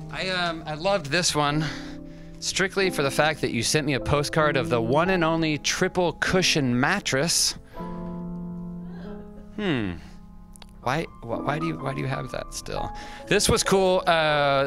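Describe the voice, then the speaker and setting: A man from the US West Coast, with a voice on the high side, hosts a restaurant livestream and reads fan mail aloud. He rambles, halts often, uses lots of fillers, and keeps putting himself down.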